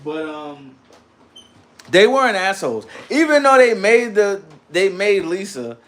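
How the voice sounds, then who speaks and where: A man with a slightly high voice hosts a loose livestream and answers his chat as he goes. He talks in slang, animated and offhand, jumping between topics with plenty of asides. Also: unhurried. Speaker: livestream host reading chat.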